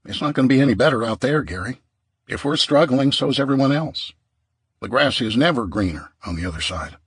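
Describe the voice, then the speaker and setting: A man voicing a stubborn, gruff male survivor with a dismissive manner in an audiobook. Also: mid-range voice, lively intonation, fairly quick, no echo, clean studio sound, voice pushed up.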